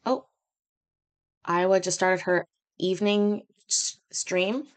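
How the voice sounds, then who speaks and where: A woman's voice: fairly low pitch, steady tone, takes it slowly. A woman hosting a casual livestream from home, chatty and rambling, with self-deprecating asides. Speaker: host.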